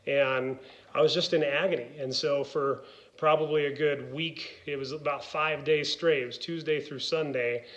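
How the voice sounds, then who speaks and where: A man's voice: fairly high pitch, fairly even intonation, moderate pace, fairly bright tone, muffled recording. A middle-aged man, a former wrestler and gym owner, speaking candidly in a personal vlog, earnest and rambling with many fillers and restarts.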